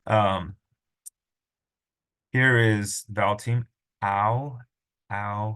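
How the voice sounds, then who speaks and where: Gravelly low-voiced man teaching patiently. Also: steady tone, a bit bright. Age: middle-aged. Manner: patient, self-correcting, sounds out syllables slowly. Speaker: Greek teacher. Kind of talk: screen-recorded lesson.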